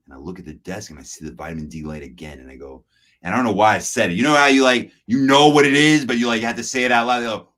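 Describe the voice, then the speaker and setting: Talking rapid-fire, a male podcast host with a lowish, somewhat bright voice keeps things casual as he tells stories. He acts out the people he's quoting and laughs frequently.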